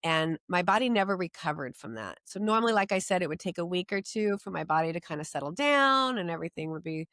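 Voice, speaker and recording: A middle-aged woman with a somewhat low voice tells her own story as an interview guest. She speaks earnestly and with feeling, sometimes stopping to restart her sentences. The recording is dry and close. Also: animated, a bit bright, no room sound. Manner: earnest, emotional, halting with restarts.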